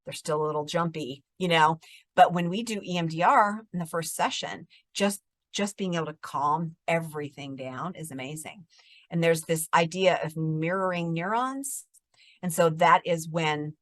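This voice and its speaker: Middle-aged woman therapist, lowish voice, dry sound, talks through ideas in a chatty explaining way. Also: measured pace, no room sound. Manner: explanatory, animated storytelling, drops to a calm soft voice when demonstrating. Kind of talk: conversational interview.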